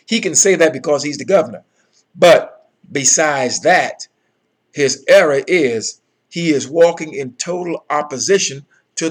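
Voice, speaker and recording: A man giving a Bible lesson, reading verses aloud and explaining them with emphatic commentary. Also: on the high side. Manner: emphatic, repeats phrases, frequent "okay" and "all right". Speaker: Bible teacher.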